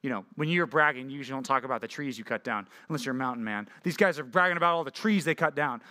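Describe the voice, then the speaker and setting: A young man preaching a youth sermon, energetic and jokey, often checking in with "right?". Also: medium pitch, fast, hardly any pauses. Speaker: youth pastor.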